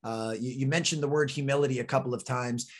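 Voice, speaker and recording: A man's voice: mid-range voice, fairly even intonation, fast talker. A man in his forties, a guest author on a podcast, answering in an earnest, reflective and encouraging way. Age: 40s. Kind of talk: interview answer.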